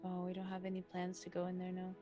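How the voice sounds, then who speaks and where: A woman's voice: lowish voice, completely flat delivery, quick pace, dark tone, faint music behind. A woman playing a tabletop game, curious and asking lots of questions. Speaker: player. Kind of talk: casual tabletop play.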